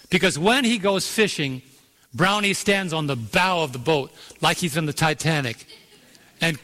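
A man preaching a sermon, telling a story and then building to emphatic points with dramatic slow-downs. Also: a little high, sharp tone, long reverb tail. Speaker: pastor.

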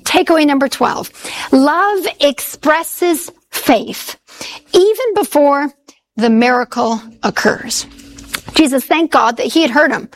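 A woman preaching a sermon, quoting scripture and slowing down to stress key words. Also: high voice. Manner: expressive, slows down for emphasis when quoting scripture.

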